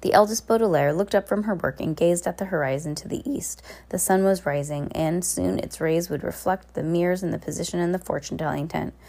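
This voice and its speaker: Gravelly woman casually reading a novel. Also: fairly low pitch, brisk, hardly any pauses, warm tone. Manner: unpolished, self-correcting, adds asides. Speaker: reader.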